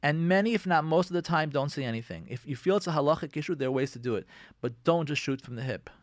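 A man's voice: on the high side, fast, dry recording, studio quality. A man hosting a radio show, giving direct, preachy marriage advice and often repeating himself. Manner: preachy, repeats himself, sprinkles Yiddish and Hebrew terms.

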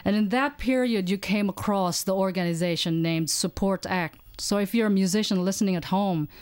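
A woman hosting a radio interview, with measured announcer delivery. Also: mid-range voice, a little mellow, clear, resonant tone, no echo. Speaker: radio host.

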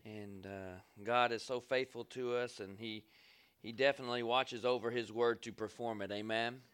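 A man with a bright, clear, resonant voice opens a sermon as the visiting pastor. He speaks with call-and-response, asking the congregation for amens. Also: medium pitch, fairly even intonation, normal speed. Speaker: guest pastor. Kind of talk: sermon opening. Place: church sanctuary.

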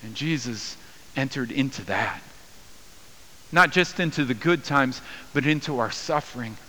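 Man, pastor, earnest sermon, bright forceful tone, long hall echo. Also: animated, a little slow, a little hiss or hum. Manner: earnest, rises in pitch for quoted voices.

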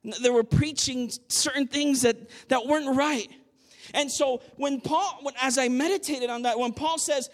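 A pastor with a strikingly high voice delivers a sermon in a loose, conversational way, restarting phrases and building to emphatic, repeated points. The sound carries the long reverb of a church hall. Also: male voice, a little slow, a bit bright. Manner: conversational preaching with frequent restarts, rising to emphatic.

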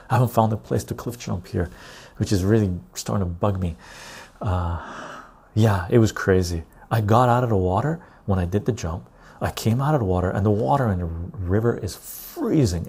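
A man's voice: on the low side, creaky, mellow, slightly rough. A man hosting a live stream, chatting loosely with viewers and reading their comments aloud. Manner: loose and chatty, reads the chat aloud, says "right?" often.

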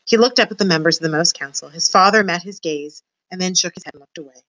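Bright-voiced woman reading a story aloud. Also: on the low side, fast, no echo, low-quality recording. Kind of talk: reading a children's novel aloud.

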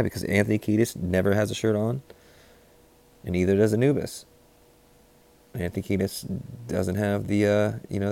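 A man in rambling, deadpan comedic banter, riffing with frequent restarts. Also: lowish voice, creaky.

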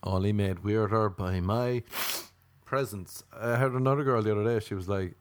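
A man's voice: fairly low pitch, moderate pace, no echo. A young Irish man telling rambling, self-mocking comic stories in a wry, chatty way. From Ireland.

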